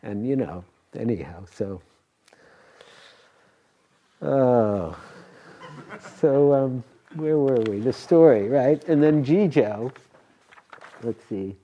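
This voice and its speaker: An older man, a meditation teacher, giving a dharma talk and telling stories in a rambling way, with restarts and soft laughs. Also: medium pitch, animated, slow pace, pauses often, highs cut off, slight background noise.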